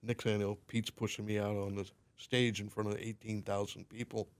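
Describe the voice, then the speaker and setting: A man's voice: lowish voice, brisk, smooth. A man guesting on a podcast, telling stories casually and acting out the quoted dialogue. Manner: animated storyteller, acts out quoted dialogue. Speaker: podcast guest, limo company owner.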